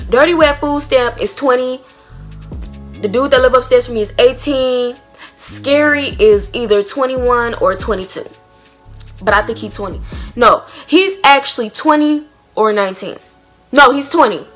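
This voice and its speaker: A woman in her twenties telling a story casually to her vlog audience, talking in an animated, profane way. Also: fairly high pitch. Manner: animated, profane, acts out quotes. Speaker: vlogger.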